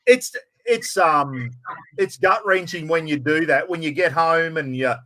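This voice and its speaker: A man's voice: fairly high pitch, unhurried, bright, forceful tone. An Australian man hosting a podcast, talking in a laid-back, casual way and swearing now and then. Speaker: podcast host. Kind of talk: casual chat.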